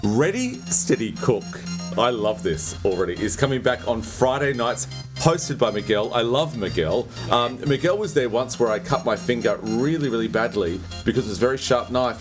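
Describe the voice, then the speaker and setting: A man's voice: medium pitch, lively intonation, fairly quick, music in the background. A man with an Australian accent hosting a casual podcast, gushing and enthusiastic. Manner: enthusiastic, gushing, says "bloody". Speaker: podcast host.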